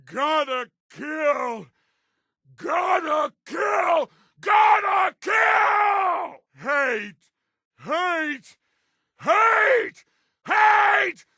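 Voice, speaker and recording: A roaring, cackling brute of a monster from a video game, spitting crude threats in a high, gravelly voice. He drags his words out slowly and hammers each one home, bloodthirsty and delighted with his own rage. The voice sits dry and close. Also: expressive, pushed and bright, no echo, raised voice, full character voice. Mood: raging taunts. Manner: bellowing short brutish threats, cackling. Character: hulking brutish monster, gleefully murderous. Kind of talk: game character voice lines.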